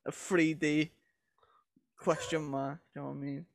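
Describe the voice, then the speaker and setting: A man's voice: on the high side, little pitch movement, normal speed, vocal fry, no room sound, studio quality. A young man, co-hosting a podcast in blunt, jokey, sweary casual chat. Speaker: co-host.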